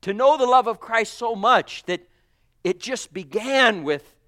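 A man preaching a sermon to his church. He is fervent, moving between soft, hushed lines and loud, emphatic calls, and keeps addressing the congregation as brothers and sisters. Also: very high voice, animated, a little slow.

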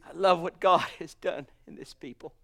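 At normal speed and with vocal fry, a man fervently preaches a sermon, swinging between booming exclamations and hushed murmurs. He calls his listeners honey and sweetheart.

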